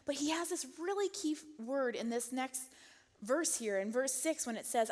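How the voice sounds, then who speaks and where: A woman's voice: high voice, moderate pace. Chatty woman preaching in a reverberant hall. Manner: chatty, laughs often, many "um" and "like". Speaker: church speaker. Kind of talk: casual sermon talk. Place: church auditorium.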